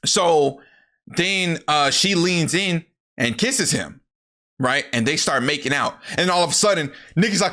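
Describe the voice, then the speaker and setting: A young man tells a movie plot in a loose, profane, animated way. His voice sits a little high and comes out bright and sharp. He keeps slipping into the characters' lines as he talks. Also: unhurried. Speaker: YouTuber recapping a movie. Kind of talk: casual movie recap.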